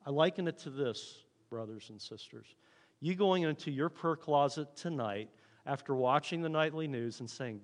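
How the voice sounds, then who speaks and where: A man preaching a sermon, reading scripture aloud and voicing the prophet's and God's words in a hushed tone. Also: on the high side, normal speed, big-room sound. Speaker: pastor.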